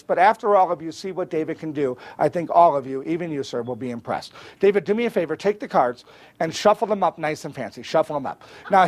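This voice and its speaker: A man performing as a stage magician, teasing a volunteer with joking banter before a live audience. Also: high voice. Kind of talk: live comedy magic show. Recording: live stage with loud crowd noise.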